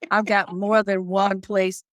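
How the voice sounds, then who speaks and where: An older woman from Detroit, a singer being interviewed, telling stories in an animated way and repeating phrases for emphasis. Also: mid-range voice, dry recording, studio quality. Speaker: guest singer. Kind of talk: casual interview chat.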